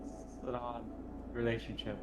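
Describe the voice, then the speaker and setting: A man at a tabletop game fires off one doubtful, incredulous question after another, drifting in and out of character. His mid-range voice barely moves in pitch and keeps a moderate pace, with loud music playing behind him.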